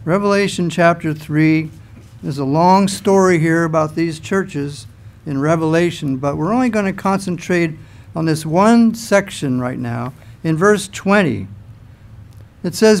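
A man preaching a sermon to a church congregation, telling scripture stories in an animated way. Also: a little high, measured pace, creaky. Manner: animated storytelling, acts out scenes.

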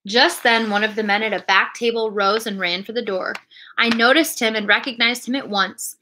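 A woman reading a classic adventure storybook aloud in a clear, expressive storytelling manner. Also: on the high side, moderate pace, a little hiss or hum. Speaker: reader.

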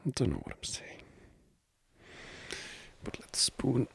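A young man voicing a needy, playful boyfriend in a whispered role-play, speaking in soft, intimate whispers broken by giggles. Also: slow pace, a little hiss or hum. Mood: clingy, cozy. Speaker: ASMR role-play creator.

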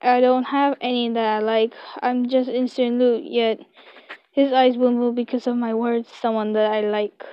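A young woman reading a web story aloud in slow, halting English, recorded on a close, dry home mic. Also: on the high side, level tone, clean tone, no room sound, highs cut off. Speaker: story reader.

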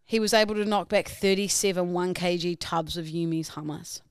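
A woman's voice: on the low side, normal speed, smooth, no echo, studio quality. A woman co-hosting a podcast, chatting casually and playfully, often giggling. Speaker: podcast co-host. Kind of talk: casual chat.

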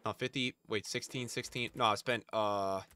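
A tired man live-streaming a game, swearing and venting at his chat, from mutters to yells. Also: fairly low pitch, steady tone, normal speed, a little hiss or hum. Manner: swears and vents at chat, swinging from mumbling to yelling.

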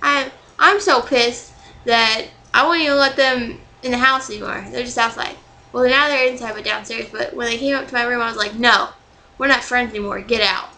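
A woman's voice: on the high side, a little fast, bright, forceful tone, poor audio. Exasperated young woman ranting on her vlog. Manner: exasperated, rambling, swears freely. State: still angry, bruised. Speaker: vlogger. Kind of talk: casual vlog rant.

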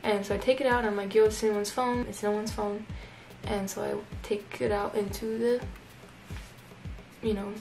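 Young woman, casual vlog storytelling, chatty with "like" fillers, flat even pitch, gravelly fry. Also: normal speed, faint music behind, poor audio. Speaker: YouTuber.

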